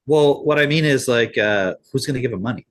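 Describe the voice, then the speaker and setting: A man's voice: mid-range voice, a little fast. Sex: man. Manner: explains things step by step. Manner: explanatory, argues points step by step. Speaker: podcast co-host. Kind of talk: casual podcast chat.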